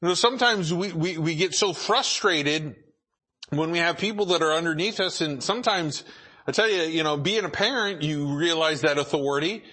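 A man preaching a sermon as pastor, halting with many repeated words and filler sounds. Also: on the high side, bright, forceful tone, slightly rough.

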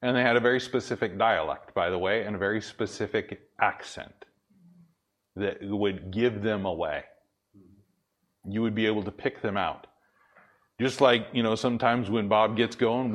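This male pastor speaks at normal speed in a fairly low voice. Preaching to a laughing congregation in church, the Pacific Northwest man keeps his sermon conversational, reads scripture aloud and asks and answers his own questions.

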